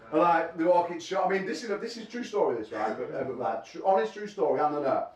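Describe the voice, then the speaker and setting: A middle-aged man promoting arm wrestling at a press conference, talking in a slightly high voice. He rambles through crude, laughing stories like a bawdy storyteller. The sound is distant and echoey, as if captured from across a large room. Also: lively intonation, fast talker, hardly any pauses, a little mellow.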